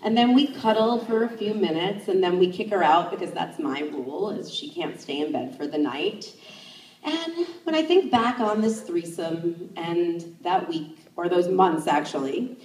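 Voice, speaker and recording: Animated woman telling a story, roomy. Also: a little slow. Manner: animated, acts out her own inner thoughts in jumps of pitch. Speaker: sex educator. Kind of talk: live first-person storytelling. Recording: roomy, distant stage mic.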